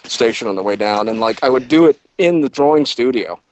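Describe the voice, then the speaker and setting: A man in his thirties tells rambling stories as a podcast guest. He swears freely and laughs at himself. His voice sits at a middle pitch, and the sound is dry and close. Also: lively intonation, a little fast, a little mellow, no echo, muffled recording. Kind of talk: casual storytelling chat.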